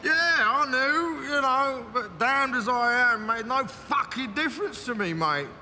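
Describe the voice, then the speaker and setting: A rambling gangster. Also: male voice, very high voice, lively intonation, a little slow, big-room sound, a little hiss or hum, heavily acted. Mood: menacing rant. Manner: rambling, swearing, swings from mutter to shout. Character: volatile London gangster, middle-aged man, rambling and menacing. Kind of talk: television crime drama.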